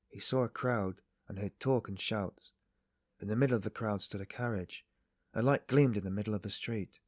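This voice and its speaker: Male narrator, measured reading, deep-ish tone. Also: a little mellow, no echo, clean studio sound. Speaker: audiobook narrator. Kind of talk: scripted narration.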